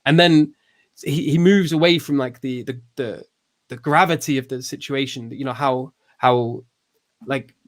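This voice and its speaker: A man's voice: medium pitch, fairly even intonation, unhurried. Casual man musing on philosophy. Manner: hesitant, many restarts and fillers. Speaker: podcast host.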